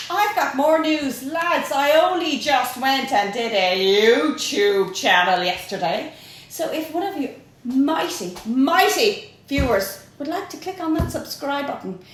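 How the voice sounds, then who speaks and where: High-voiced, jokey Irish woman baking. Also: recorded from a distance, slight background noise. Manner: playful, jokey, sing-song asides. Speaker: home baking vlogger. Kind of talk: chatty cooking demonstration. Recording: echoey room.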